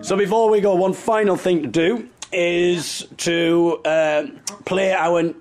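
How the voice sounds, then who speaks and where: A man's voice: sits high, slow pace, soft background music. A man with a Teesside accent hosting a podcast and bantering with guests in a hotel bedroom. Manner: jokey, teasing, lively banter. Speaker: podcast host. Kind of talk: casual chat.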